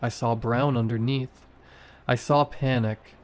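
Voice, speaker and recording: A man's voice: mid-range voice, fairly even intonation, a little slow. A man narrating a first-person horror story in short, tense sentences.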